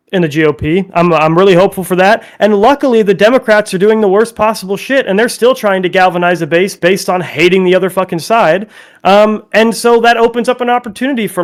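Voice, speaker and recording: Male panelist, high-pitched, profane heated rant. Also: smooth. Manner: profane, blunt, ranting. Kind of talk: heated political debate.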